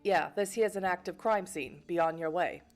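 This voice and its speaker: A woman voicing a gruff, self-important male street cop with a put-on Brooklyn accent, barking orders slowly. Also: high-pitched, soft background music.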